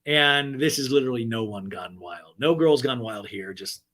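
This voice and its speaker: A man hosting a comedy podcast, recapping a TV episode with animated riffs and profane asides. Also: mid-range voice, normal speed. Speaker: podcast host.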